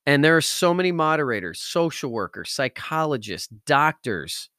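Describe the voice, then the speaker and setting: A man hosting a podcast in an energetic, slangy motivational talk style, hyped and enthusiastic. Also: a little high, moderate pace, no echo, clean studio sound. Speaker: podcast host.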